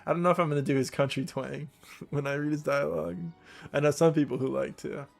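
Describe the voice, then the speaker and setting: Gravelly man chatting over a game. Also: fairly high pitch, brisk, faint music behind. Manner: relaxed, amused asides. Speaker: let's play commentator. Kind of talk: casual gameplay commentary.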